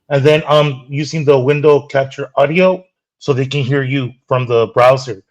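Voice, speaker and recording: A man's voice: fairly high pitch, a little mellow, dull audio. A man co-hosting a livestream in casual chat, eagerly explaining his setup. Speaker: stream co-host.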